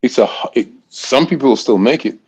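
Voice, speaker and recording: A man's voice: medium pitch, animated, brisk, darkish tone, husky. A man in his sixties from Great Britain, a college throws coach telling stories in a casual interview, rambling with frequent restarts.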